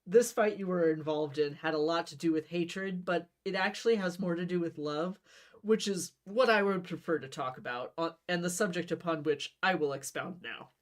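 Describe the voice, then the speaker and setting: A woman with a somewhat low voice reads a comic gamebook aloud. She keeps it casual and playful, breaking off for quick asides and stumbling now and then. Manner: playful, laughs at own jokes, slips and restarts. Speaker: book reader.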